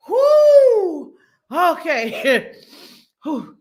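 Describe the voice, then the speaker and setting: A woman's voice: a little high, big pitch swings, unhurried, fairly bright tone. A woman hosting a casual live stream, playful and laughing often as she exclaims. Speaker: host.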